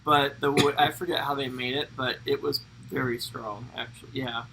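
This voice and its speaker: A man's voice: medium pitch, fairly even intonation, normal speed, background noise. A man co-hosting a casual travel livestream, reading out viewer names and chatting between laughs and stumbles. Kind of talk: casual live-stream chat.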